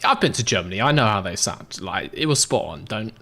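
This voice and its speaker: A man's voice: fairly low pitch, expressive, a little fast, vocal fry, a bit bright, slightly rough. A man giving casual gameplay commentary as a game streamer, in a sarcastic, self-mocking and joking way.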